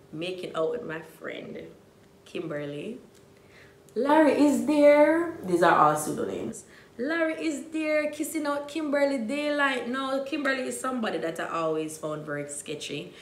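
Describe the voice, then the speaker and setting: A young Jamaican woman with a Jamaican accent, telling a dramatic storytime, dropping to hushed asides and rising to loud outbursts. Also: medium pitch, roomy sound, slight background noise. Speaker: vlogger. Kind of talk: storytime vlog.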